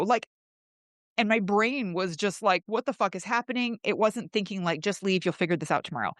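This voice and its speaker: A woman's voice: lively intonation, brisk, fairly bright tone, no room sound, studio quality. Woman telling a raw personal story. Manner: emotional, swearing, reenacts her own pleas in a higher voice. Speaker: host.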